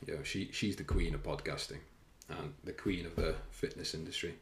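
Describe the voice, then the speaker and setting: A man's voice: extremely low pitch, fairly quick, slight background noise. A man, a fitness coach, hosting his own podcast as a casual, rambling, self-conscious monologue full of fillers and the odd swear word, filming himself indoors. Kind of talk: casual solo podcast chat. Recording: roomy echo.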